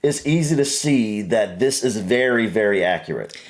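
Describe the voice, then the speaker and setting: A man's voice: lowish voice, animated, normal speed. An American man co-hosting a reaction video, talking casually and musing aloud with restarts and fillers. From United States. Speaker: reaction channel co-host.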